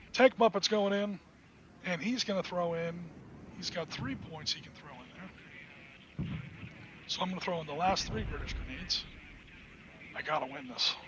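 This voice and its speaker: A man hosting a podcast, narrating his own solo tabletop wargame and cheering on his dice rolls as he plays. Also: sits high. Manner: excitable, talks to himself while playing. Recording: dull lo-fi sound with clear background noise.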